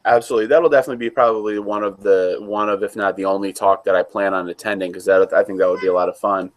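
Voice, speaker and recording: Deep-voiced man chatting casually. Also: steady tone, fast talker. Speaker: co-host. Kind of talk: casual chat.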